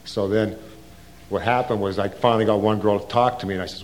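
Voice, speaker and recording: A man's voice: fairly low pitch, steady tone, fast. An older man, a veteran, recalls his past in a casual, rambling way, often restarting his sentences and using slang. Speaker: Vietnam veteran recounting his service. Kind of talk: oral history storytelling.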